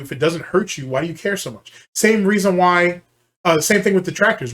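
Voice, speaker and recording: A man's voice: a little high, a bit bright. A man hosting a commentary channel, ranting in a heated, profane and scornful way while reacting to a clip.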